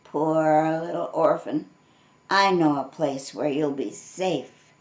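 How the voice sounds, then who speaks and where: An older woman voicing a gentle male wildlife keeper in a storybook, soothing and kind, her voice pitched down. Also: normal speed, lo-fi sound, lightly acted. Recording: roomy echo.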